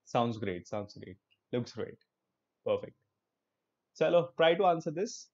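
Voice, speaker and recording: A man's voice: mid-range voice, expressive, unhurried, a little mellow, lo-fi sound. A young male online English teacher with an Indian English accent, teaching a live class in an upbeat, encouraging way and slipping into Hindi.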